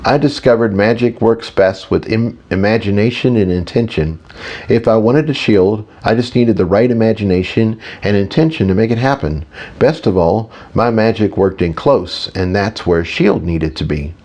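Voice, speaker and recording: Casting: male audiobook narrator, casual first-person read, low voice. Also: moderate pace, darkish tone. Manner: casual, with small reading slips.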